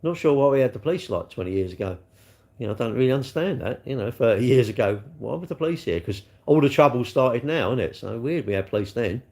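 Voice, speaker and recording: A man's voice: mid-range voice, expressive, quick pace, a little mellow. A man chatting casually on a live stream, answering his viewers in a rambling, sarcastic way with lots of tag questions.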